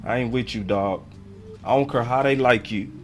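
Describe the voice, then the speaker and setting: A man's voice: mid-range voice, moderate pace, faint music behind. A man hosting a live sports stream, reacting to articles and clips in a heated, slangy rant. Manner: reads articles aloud on stream. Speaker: sports channel host.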